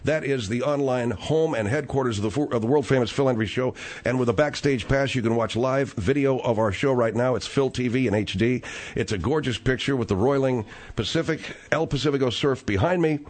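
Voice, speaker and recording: A man hosting a radio talk show from a studio by the ocean, talking fast with a salesman's push on a studio microphone. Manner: fast, promotional pitching.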